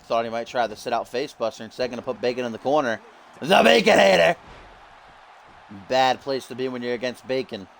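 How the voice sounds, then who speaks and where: A man doing jokey play-by-play commentary over a wrestling video game, bursting into yells at big moves. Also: medium pitch, fairly quick, creaky, a little hiss or hum. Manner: jokey, yells in sudden excitement.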